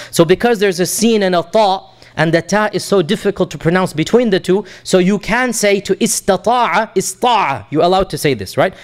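Male Quran teacher, high voice, recites verses then explains them patiently. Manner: patient, repeats points for emphasis. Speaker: Islamic teacher.

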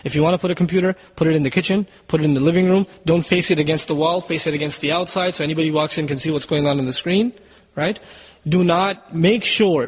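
A man's voice: fairly high pitch, big-room sound, low-quality recording. A man giving a sermon in an urgent, exhorting way, asking the listeners rhetorical questions. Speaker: preacher.

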